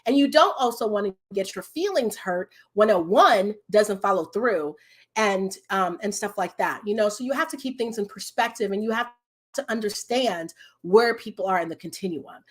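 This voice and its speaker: A woman's voice: mid-range voice, animated, moderate pace. A woman business coach hosting a live stream, chatting casually and animatedly with her viewers and laughing often.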